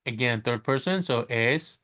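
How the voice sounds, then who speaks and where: A man teaching Spanish in a casual way, chatty and correcting himself, who slows down to sound out each Spanish word. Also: medium pitch, animated, pushed and bright. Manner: chatty, self-correcting, laughs at his slips. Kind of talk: casual screen-share lesson.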